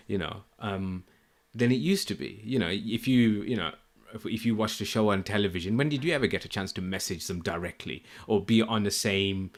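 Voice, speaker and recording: A man hosting a podcast, chatting in a friendly, rambling way with plenty of fillers. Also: on the low side. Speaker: podcast host. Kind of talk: casual interview chat.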